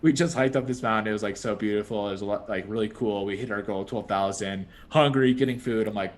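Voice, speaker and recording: A man's voice: lowish voice, fast, a little hiss or hum. Laughing young man telling a story. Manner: animated, laughing often, heavy use of "like" and "dude". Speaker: podcast co-host. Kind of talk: casual chat, storytelling.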